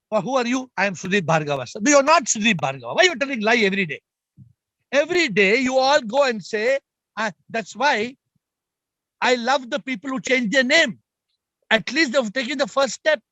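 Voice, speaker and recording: An extremely high-pitched man with lively intonation and a pushed, bright tone talks at normal speed, with no room sound. He is a spiritual teacher on a group video call, emphatic and repetitive, speaking directly to his listeners.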